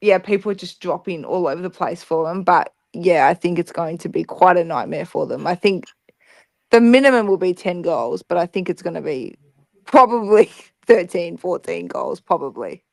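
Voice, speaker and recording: A woman's voice: lowish voice, animated, moderate pace, gravelly, darkish tone. A woman co-hosting a casual sports chat, upbeat and giggly, thinking aloud with fillers. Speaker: podcast co-host.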